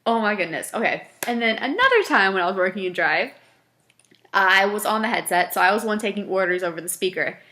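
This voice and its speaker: A woman vlogger telling stories from her fast food job in a casual, animated way, laughing often and acting out her customers. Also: mid-range voice. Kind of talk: casual storytelling to camera.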